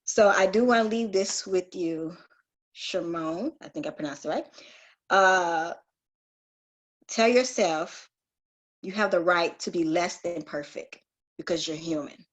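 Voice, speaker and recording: A fairly low-pitched woman tells her own sincere story during a group call, frequently starting sentences over and breaking into quick laughter along the way.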